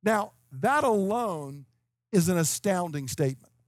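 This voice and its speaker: Emphatic high-voiced preacher man in his fifties. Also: expressive, a little slow, dry recording, studio quality. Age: 50s. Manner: emphatic, explanatory, checks in with "okay?". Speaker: preacher teaching scripture. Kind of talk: expository sermon.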